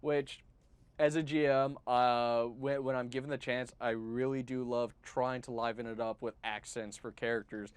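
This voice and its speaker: A man's voice: medium pitch, flat delivery, normal speed, clean tone. A man who runs tabletop games, chatting casually and enthusiastically on a stream, with plenty of restarts. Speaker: game master.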